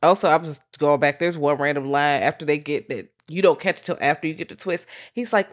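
Co-host, profane animated storyteller, mid pitch. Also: brisk, few pauses. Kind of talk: casual chat.

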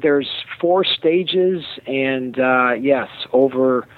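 A man with a Chicago accent, a festival producer being interviewed, speaking haltingly with many fillers and restarts. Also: mid-range voice. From Chicago, USA. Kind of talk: phone-in interview. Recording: tinny phone line.

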